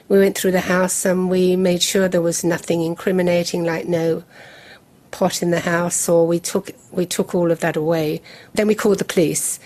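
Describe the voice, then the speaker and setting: A woman, recounting a personal memory in measured, detailed storytelling as an interview guest. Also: fairly low pitch, a little mellow. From England. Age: 70s.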